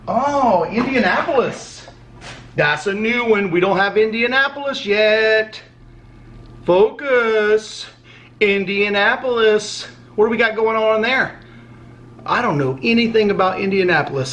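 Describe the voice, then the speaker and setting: Vlogger, male, high bright voice, loose and profane, reads fan mail aloud. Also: a little hiss or hum. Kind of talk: casual unboxing chat.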